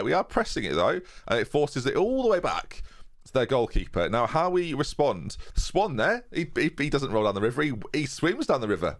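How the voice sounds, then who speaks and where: A young man commentating on his own football-management game, chatting casually and joking to his viewers in rambling asides. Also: mid-range voice. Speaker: gaming YouTuber. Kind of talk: casual let's-play commentary. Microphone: USB desk microphone.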